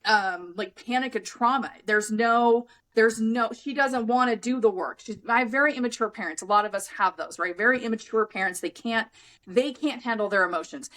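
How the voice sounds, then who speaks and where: A woman hosts a podcast in an unfiltered, conversational way. Her voice sits a little high, and she swears freely while stressing her points with conviction. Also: low-quality recording. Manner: frank, swears freely, emphatic; acts out other people's lines in lively voices. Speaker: podcast host and anger coach. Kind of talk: casual conversational podcast talk.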